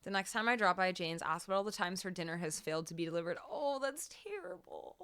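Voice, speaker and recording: A young woman chats with her livestream viewers from a home room lined with foam panels. Her voice is bright and crisp, and sits a little low for a woman. She talks in a loose, chatty way, repeats herself and slips in quick laughs. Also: fairly even intonation. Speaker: livestream singer and host. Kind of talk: casual chat with live chat.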